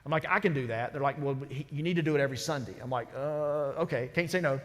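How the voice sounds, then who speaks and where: A man who is the senior pastor, preaching a sermon in a lively, conversational storytelling way. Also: on the high side, fast talker. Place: large church sanctuary. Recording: church sanctuary with long reverb.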